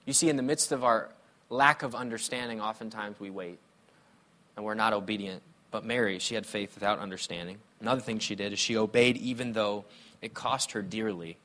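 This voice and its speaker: A man's voice: on the low side, a little fast. A male pastor preaching a sermon, telling personal stories in a conversational, playful way. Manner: conversational, animated storytelling with playful humor.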